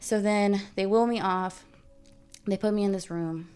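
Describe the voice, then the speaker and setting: A woman's voice: mid-range voice, fairly even intonation, unhurried, darkish tone, clean tone, faint music behind. A young adult woman, a podcast guest, telling a personal story in casual chat. She acts out the dialogue and often says "dude" and "like".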